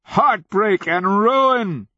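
A man voicing an ancient, inhuman sorcerer king who is mad and grandiose, speaking in a booming, declamatory way for an audiobook. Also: steady tone, moderate pace, no echo, close to an everyday voice. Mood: furious. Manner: booming, declamatory, swings into roaring fury. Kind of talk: audiobook character voice. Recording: dull lo-fi audio.

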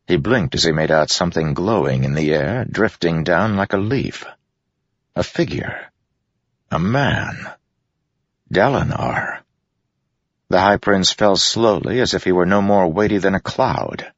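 Guy narrating a fantasy audiobook, very deep and husky, dry close sound, bit muffled. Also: lively intonation, unhurried, fairly bright tone, no room sound.

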